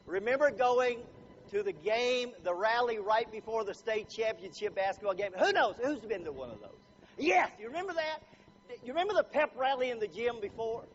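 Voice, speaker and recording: A man's voice: very high-pitched, muffled recording, a little hiss or hum. A man giving a motivational speech, telling stories with lots of laughter and throwing questions at the audience. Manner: animated, laughing often, quizzing the audience. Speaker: motivational speaker. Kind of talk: storytelling speech to a live audience.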